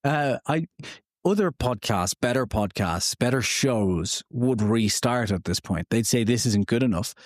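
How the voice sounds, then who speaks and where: A man talking casually through a solo podcast from a tiny home studio. He rambles, trips over words and laughs at his own slips, filling gaps with plenty of ums and uhs. His voice sits at a middling pitch and sounds dry and close to the mic. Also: lively intonation, unhurried, no echo. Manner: rambling and self-deprecating, many fillers. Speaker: podcast host.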